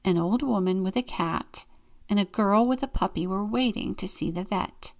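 A woman deacon reading a children's picture book aloud in a gentle, unhurried storytelling manner. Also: medium pitch.

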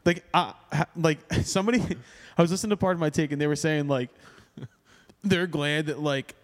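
A young man hosting a podcast in casual chat, animated and slangy, laughing often. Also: on the high side, brisk, big-room sound. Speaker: podcast host.

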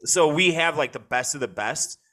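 A man's voice: a little high, animated, normal speed, sharp tone. A man with a Chicago accent chatting on a podcast, rambling happily about food with enthusiasm. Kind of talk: casual chat.

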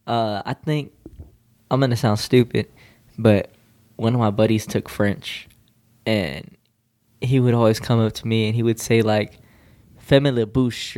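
A man's voice: medium pitch, darkish tone. A man in casual conversation, laid-back and crude-humored, telling stories. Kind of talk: casual chat.

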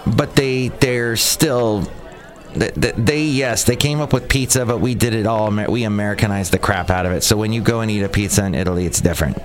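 A podcast host with a lowish voice and brisk delivery records a casual solo monologue outdoors near a cafe. He rambles sarcastically and often restarts his sentences.

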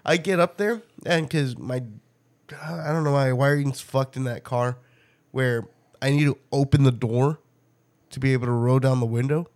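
A man hosting a podcast, telling a story in a loose, profane, animated way and often breaking into laughter. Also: mid-range voice, measured pace. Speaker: podcast host. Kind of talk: casual storytelling chat.

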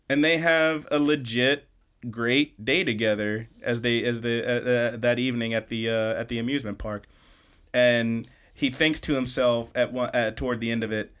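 A man's voice: mid-range voice, steady tone, moderate pace, a bit bright, smooth. A man co-hosting a podcast, recapping episodes in casual, enthusiastic chat full of "like"s and restarts. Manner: enthusiastic, rambling with many "like"s and restarts. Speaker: podcast co-host.

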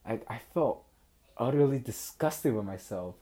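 A young podcast host tells a personal story in a casual, animated manner, laughing often. His voice is medium-pitched and measured in pace.

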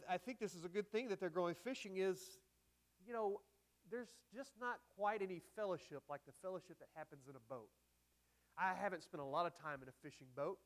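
A man preaching a sermon in a conversational way, with asides and emphatic quoted lines. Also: sits high. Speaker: pastor.

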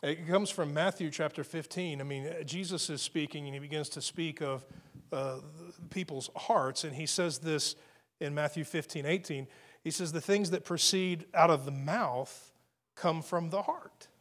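A male pastor delivers a sermon with earnest emphasis, his voice sitting slightly higher than most men's. He stresses key phrases, repeats words and restarts his sentences as he works through his points. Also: moderate pace, a bit bright. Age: adult with family.

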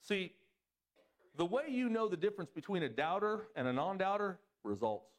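Animated preacher man. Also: moderate pace. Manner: animated preaching, swings pitch up for emphasis. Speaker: pastor. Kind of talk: sermon.

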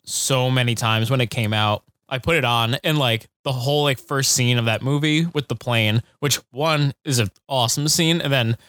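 A man's voice: medium pitch, moderate pace, few pauses, fairly bright tone, no echo. Chill podcast guy, rambles with lots of likes and ums, close dry mic. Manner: laid-back, rambling, lots of fillers. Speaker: podcast co-host. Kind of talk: casual chat.

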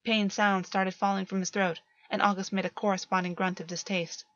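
A woman narrating a romance story in a steady, measured reading voice. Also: medium pitch. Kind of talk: audiobook reading of fan fiction. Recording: dull lo-fi, dry.

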